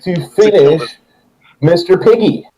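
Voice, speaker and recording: A man's voice: high-pitched, slow, over a noisy crowd, poor audio. A young man running a tabletop game as its game master, joking and laughing through loose narration.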